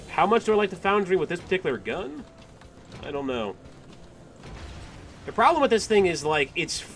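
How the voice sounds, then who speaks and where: A young man giving casual let's play commentary, animated, exclaiming and groaning at the game. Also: mid-range voice, a little hiss or hum. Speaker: gaming commentator.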